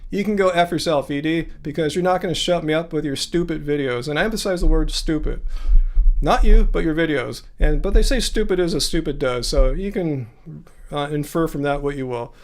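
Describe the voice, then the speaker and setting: Sarcastic high-voiced male livestream host. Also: a little fast. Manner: sarcastic, ranting, talks straight to viewers. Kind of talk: casual livestream chat reading viewer comments.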